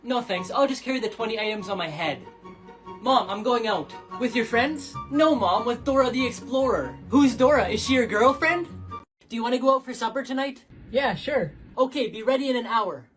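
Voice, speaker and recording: A woman performing quick comedy skits, delivering deadpan punchlines. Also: fairly high pitch, music in the background. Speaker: skit comedian.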